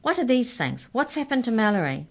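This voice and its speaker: A woman reading a storybook aloud, voicing a frightened young boy who cries out loudly and pleads. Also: big pitch swings, fairly quick, breathy edge, full character voice. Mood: alarmed. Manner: high and loud, pleading.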